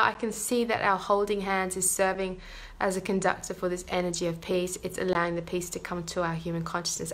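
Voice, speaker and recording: A woman energy healer guiding a live meditation in a soft, unhurried voice, repeating gentle affirmations and then reading viewer comments aloud. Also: medium pitch.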